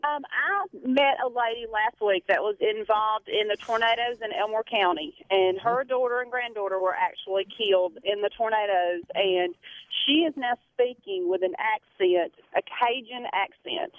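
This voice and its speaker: A woman's voice: mid-range voice, moderate pace, dry recording. Woman on a tinny phone line. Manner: earnest storytelling. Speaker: radio caller. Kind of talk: calling in to a radio show.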